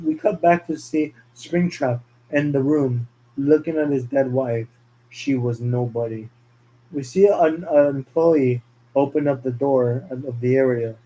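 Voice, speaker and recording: Male narrator, plain scene-by-scene fan story reading, dark mellow tone. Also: mid-range voice, measured pace, rough recording. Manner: plain reading of scene directions, occasional slips.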